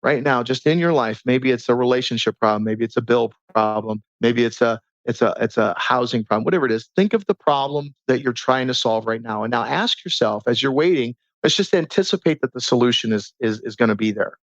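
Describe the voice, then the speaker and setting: A man's voice: medium pitch, fairly quick, few pauses, dry recording. Guy on a podcast explaining big ideas with stories, dry close sound, kinda dull lo-fi. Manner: animated, teaching with stories and rhetorical questions. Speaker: podcast guest, transformation coach. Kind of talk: casual conversational interview.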